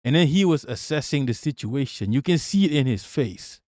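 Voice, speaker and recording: A man's voice: mid-range voice, animated, normal speed, darkish tone, a little hiss or hum. A man commenting on a video clip during a live stream, blunt and profane, often repeating himself when worked up.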